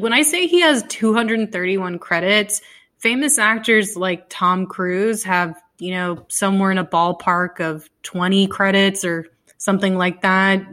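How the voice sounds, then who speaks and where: Brief: female podcast co-host, bright forward tone, casual and chatty. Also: medium pitch. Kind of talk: casual film discussion.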